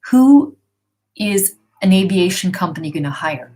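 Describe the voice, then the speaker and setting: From her home, a middle-aged woman live-streams tarot readings, reading viewers' questions aloud and answering in a chatty, reassuring way over a computer or phone. Her voice sits on the low side with lively intonation and a dark tone, moving a little slowly.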